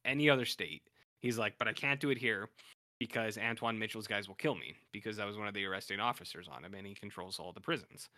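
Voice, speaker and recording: A man's voice: lowish voice, quick pace, pushed and bright, no echo, clean studio sound. A man co-hosting a podcast in casual chat, animatedly retelling episodes and acting out what characters say. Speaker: podcast co-host.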